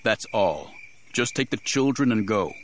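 A man plays a guarded male stranger who keeps to the shadows in a storybook. His speech is measured and firm, with a lively rise and fall. A faint hiss sits under the voice. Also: lowish voice. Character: calm, guarded male stranger hiding in the dark.

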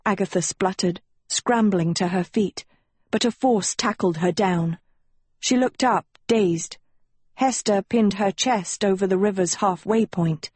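Woman audiobook narrator, measured storytelling, breathy, dry. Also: mid-range voice, a little mellow, no room sound. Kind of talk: scripted narration.

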